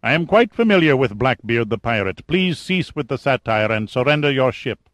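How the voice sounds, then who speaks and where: A man's voice: mid-range voice, sing-song, moderate pace, a bit bright, no room sound, clean studio sound, voice pushed up. A man voicing a cold, commanding military general in an audiobook, speaking in a clipped, threatening way. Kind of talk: audiobook character voice.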